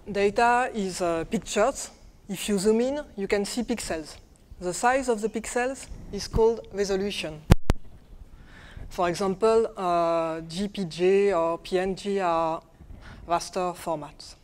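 A woman's voice: mid-range voice, slight background noise. A woman with a French accent giving a technical conference talk, hesitant, with many fillers and restarts. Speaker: conference speaker. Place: conference room.

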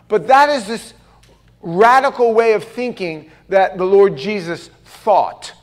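A man preaching a sermon in a church, telling stories in an animated way and joking at his own expense. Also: sits high, normal speed. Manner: animated storytelling with self-deprecating jokes. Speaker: pastor. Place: church sanctuary.

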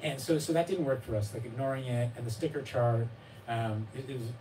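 This author has a warm, mid-range voice and talks a little fast about his memoir before a bookstore audience. His delivery is self-deprecating and meandering, full of false starts and fillers, and he laughingly imitates his child and his readers. Captured from a distance, the audio carries room sound and slight background noise.

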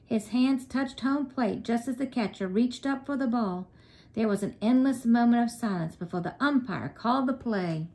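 A woman narrating a children's story in a steady, clear way. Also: on the high side, moderate pace.

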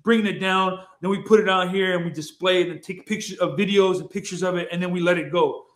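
A man telling a casual story as a podcast guest, excitable, swearing freely and repeating himself as he goes. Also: sits high, fast. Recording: roomy echo.

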